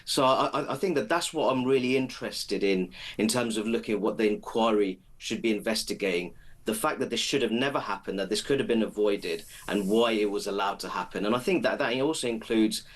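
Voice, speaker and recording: A man speaking as a political commentator guest on a live radio show, earnest and measured as he builds his argument step by step. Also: fairly low pitch.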